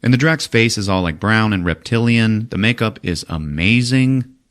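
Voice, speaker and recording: A man hosting a podcast, retelling a movie in profane, animated casual chat. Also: on the low side, moderate pace. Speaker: podcast host.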